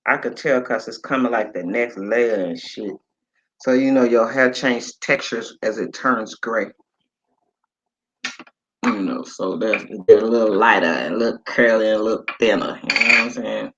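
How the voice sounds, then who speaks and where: A man's voice: fairly low pitch, normal speed, a bit bright, highs cut off. A man in his late fifties hosting a casual livestream chat, rambling and reading viewer comments aloud with casual swearing. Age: 50s. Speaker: livestream host. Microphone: phone.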